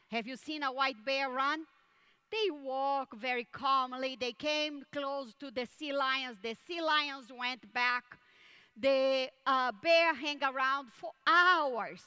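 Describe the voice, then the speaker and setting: Slow, bright-voiced woman giving a keynote. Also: high voice, clear, resonant tone. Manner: measured, deliberate, repeats words for emphasis. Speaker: conference keynote speaker. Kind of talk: keynote speech with storytelling.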